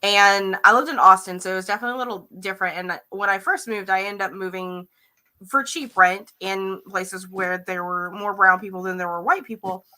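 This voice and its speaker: A woman in her thirties with a Louisiana twang, telling lively stories in a casual group chat. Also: medium pitch, fairly quick. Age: 30s. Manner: lively, laughing storyteller.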